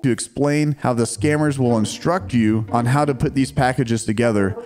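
A man's voice: mid-range voice, moderate pace, noisy background. A man hosting and narrating a video, explaining things in a wry, explanatory manner. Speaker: host.

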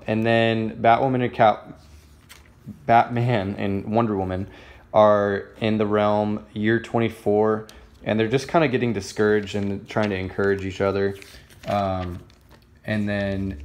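A man's voice: on the low side, reverberant. A man casually reviewing a comic book, rambling and gushing with many fillers and restarts. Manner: excited, gushing.

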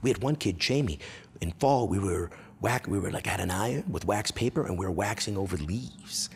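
A male comedian telling stories from his youth on stage, profane and animated. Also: sits low, gravelly, slight background noise. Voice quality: profane, animated, quick shifts into character voices. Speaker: stand-up comedian. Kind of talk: stand-up storytelling. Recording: long echo of a hall.

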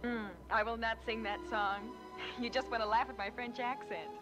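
An actress playing a kind young woman caring for two children. She talks gently and hesitantly, with fillers and halting French. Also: fairly high pitch, fairly even intonation, close to an everyday voice. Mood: tender. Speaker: film character caring for children. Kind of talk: film musical dialogue. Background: music.

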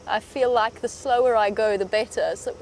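A woman's voice: a little high, fairly even intonation, normal speed, slight background noise. A woman safari guide giving chatty live commentary from an open vehicle in the bush. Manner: chatty and hopeful, hushed when near animals.

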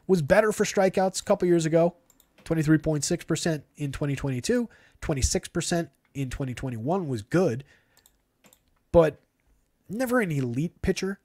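A man's voice: fairly high pitch, lively intonation, darkish tone, no room sound. Stat-heavy man breaking down baseball numbers. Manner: rapid stat-heavy analysis, opinionated. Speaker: fantasy baseball analyst host. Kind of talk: live stream stat breakdown.

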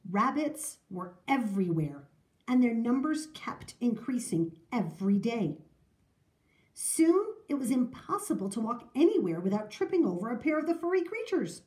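Storybook reader, woman, lively, higher-pitched, sing-song delivery. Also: normal speed, roomy sound. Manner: expressive, sing-song reading. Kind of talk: children's storybook read-aloud.

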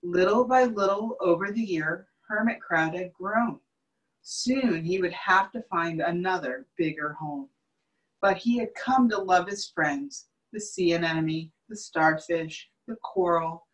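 A woman teacher reading a children's picture book aloud on a video call, with slow, clear storytelling and asides that point out the pictures. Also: on the low side, poor audio. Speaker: children's educator.

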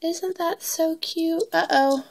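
A woman chatting excitedly as she unboxes crafting mail, filming on her phone at home, gushing over each item. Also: very high voice, takes it slowly, gravelly, low-quality recording. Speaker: crafting vlogger. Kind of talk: casual unboxing chat.

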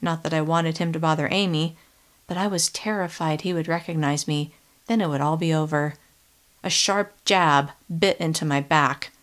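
Steady woman narrating an audiobook. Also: sits low, moderate pace. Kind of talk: first-person audiobook narration.

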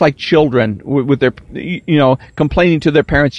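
A man's voice: fairly high pitch, dry recording, dull audio. Emphatic man, dry close sound. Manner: deliberate, emphatic, drawn-out stresses, mocking whiny impressions. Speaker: political commentator. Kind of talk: monologue commentary.

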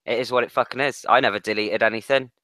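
A man's voice: mid-range voice, fairly even intonation, fast, pushed and bright, no echo. A man co-hosting a late-night football podcast, blunt and sweary, often restarting his sentences. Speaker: podcast co-host. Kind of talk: casual late-night chat.

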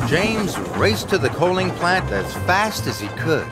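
A man reading scripted storybook narration for a children's cartoon, slow and expressive. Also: sits high, creaky, loud music behind the voice.

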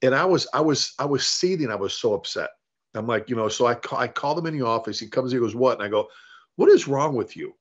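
A middle-aged man tells stories as a guest in an interview, acting out the people he quotes and often starting his sentences over. He sits at an average pitch for a man. The recording is dull and lo-fi. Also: fast. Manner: animated storyteller, acts out quoted dialogue, frequent restarts. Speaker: fire service leader and author, interview guest. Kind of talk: conversational storytelling.

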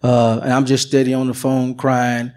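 A man's voice: medium pitch, monotone, normal speed, a little mellow. A middle-aged man giving an earnest, emotional personal testimony at church. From United States.

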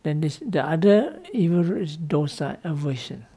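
A Buddhist monk with a fairly high, dark, slightly rough voice gives a dharma talk to students at a normal speed. His English is loose and non-native, and he teaches playfully, often checking understanding with "no?" and laughing lightly.

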